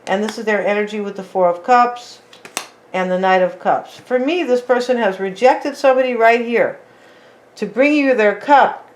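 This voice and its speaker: A woman giving a casual tarot reading, chatting straight to her viewers and tagging her lines with "right?" and "like". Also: mid-range voice. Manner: talks straight to viewers as "you guys". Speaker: tarot reader.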